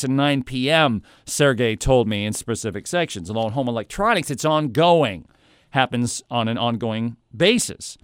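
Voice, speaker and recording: A man casually telling a story about a shopping trip, in an animated, conversational way with playful asides. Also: medium pitch, smooth, no echo, studio quality.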